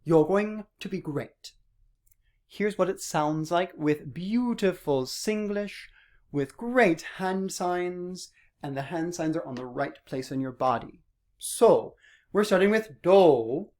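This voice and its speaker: A man's voice: on the high side, darkish tone. A young man teaching a singing lesson to his students, playful and sometimes exaggerating his vowels and consonants to demonstrate. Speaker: music teacher.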